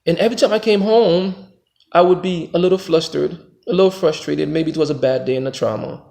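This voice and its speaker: Gravelly American man preaching motivation. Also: brisk. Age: adult father. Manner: emphatic, preachy, swings between loud pushes and low reflective stretches. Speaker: motivational vlogger. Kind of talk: motivational monologue.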